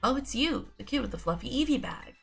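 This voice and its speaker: A woman voicing a shy, tech-savvy teenage girl, speaking in a timid, halting way while sick with a sore throat. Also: sits high, expressive, vocal fry, breathy edge, soft background music, voice pushed up, heavily acted. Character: shy techy teen girl hacker. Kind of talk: reading game dialogue aloud.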